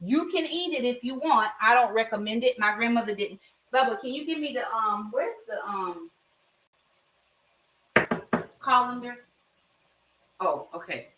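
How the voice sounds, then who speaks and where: A woman's voice: on the high side, expressive, moderate pace, fairly bright tone, slight background noise. A middle-aged American woman chatting while she cooks in her home kitchen, giving blunt, friendly advice to her viewers. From United States. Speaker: cooking vlogger. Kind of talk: casual cooking vlog. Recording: voice a bit far from mic.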